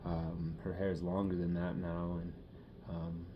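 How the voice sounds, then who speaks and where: A young man talking through his feelings in a personal monologue, halting and rambling, with many fillers. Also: low-pitched, flat delivery, dull audio, noisy background.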